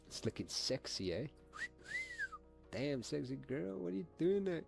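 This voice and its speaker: Hyped-up guy on a live stream, kinda high voice, laughing and cursing a lot, bit of music in the back. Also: measured pace, vocal fry, pauses often. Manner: excitable, laughing, swears freely, street slang. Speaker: livestreaming forex trader. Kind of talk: casual live-stream chat to viewers.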